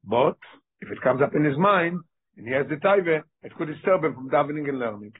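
A man teaching a text study lesson. He reads passages aloud quickly and then explains them more slowly. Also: a little high, animated, husky. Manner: reads Hebrew quickly, then explains slowly in English with Yiddish-inflected terms. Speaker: Torah teacher. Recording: tinny phone-line audio.

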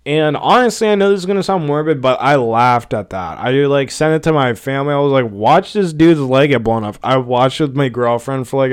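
Rambling, profane young man with a smooth voice. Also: mid-range voice. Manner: rambling, profane, full of fillers. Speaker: podcast host. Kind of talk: casual solo podcast rant.

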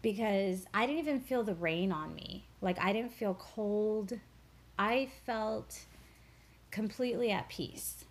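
Woman guest, spiritual teacher, reflective interview storyteller, earnest, mid-range voice, halting repeats. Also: mid-range voice.

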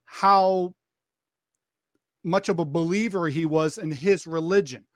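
A man with a high-pitched voice recounts a story in casual podcast conversation, acting out each quoted line and circling back with restarts as he goes. His voice is recorded close and dry, with no room sound. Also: moderate pace, dry recording. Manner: vivid retelling, acting out quoted dialogue; frequent restarts and repeated phrases.

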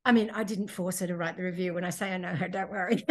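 A woman co-hosting a podcast in casual chat, talking chattily with quick asides and frequent laughs. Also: on the low side, fairly even intonation. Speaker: podcast co-host.

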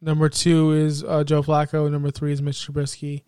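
High-voiced teasing man, dry sound. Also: completely flat delivery, normal speed, a little mellow, clean tone, no room sound. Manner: teasing, stat-heavy, needling. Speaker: podcast co-host. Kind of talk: casual sports chat.

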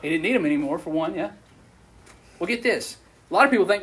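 Man, preacher, high voice, husky, conversational, animated. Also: fast. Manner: conversational, asks the audience questions, animated. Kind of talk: casual sermon to a youth group.

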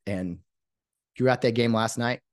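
A fired-up man hosts a podcast in a dry, close recording, his pitch sitting in a middle range. He talks emphatically and rambles, restarting his sentences as the energy carries him. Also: moderate pace, no echo. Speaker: podcast host. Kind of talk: excited podcast monologue.

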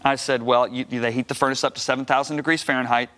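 A middle-aged man, a guest minister, telling a personal testimony on a talk show, acting out the dialogue and rising loud when emphatic. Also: mid-range voice, fairly even intonation, quick pace. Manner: acts out quoted dialogue.

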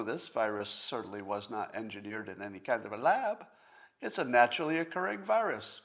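A man's voice: medium pitch, fairly bright tone. Older man ranting with profane sarcasm. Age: 60s. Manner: repeats points slowly for emphasis. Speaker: podcast host. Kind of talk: solo livestream commentary.

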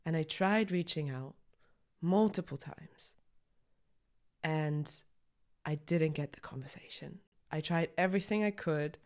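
Low-voiced woman, candid and raw. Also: measured pace, long pauses, darkish tone. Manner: raw, candid, swears, on the edge of tears. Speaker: podcast host. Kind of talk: personal reflective monologue.

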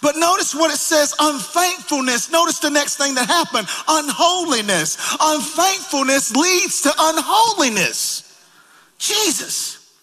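A man preaching a sermon in a church, calling out to the congregation and rising to shouts. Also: extremely high pitch, lively intonation, measured pace, long reverb tail. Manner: calls out to congregation, rises to shouting. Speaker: pastor. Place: church sanctuary.

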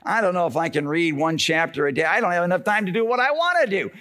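A man's voice: high-pitched, lively intonation, quick pace, sharp tone. A preacher voicing a weary churchgoer who doubts he can keep up, sounding overwhelmed. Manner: overwhelmed, complaining.

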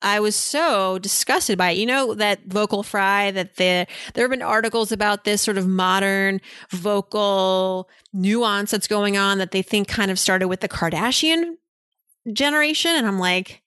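A woman hosts a money advice podcast and talks through listener questions casually and frankly. She leans on fillers like "you know" as she thinks aloud. Her voice sits at an ordinary middle pitch, recorded close and dry with no room sound. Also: measured pace, fairly bright tone, clear, resonant tone, no echo. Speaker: personal finance podcast host.

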